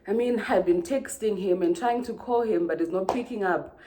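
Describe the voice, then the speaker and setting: A woman voicing a tearful young woman friend who speaks softly and regretfully. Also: medium pitch, normal speed, close to an everyday voice.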